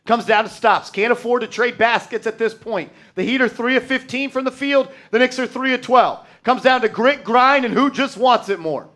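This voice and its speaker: A man hosting a fan live stream, calling play-by-play and getting loud and profane when his team messes up. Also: very high voice, moderate pace, hardly any pauses. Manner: excitable, shouts and swears at bad plays.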